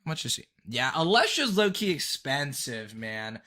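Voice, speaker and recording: A man's voice: medium pitch, very animated, moderate pace, sharp tone. A young man hosting a casual live stream from his bedroom, rambling and swearing, with frequent laughs and restarts. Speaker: streamer reviewing viewer decks.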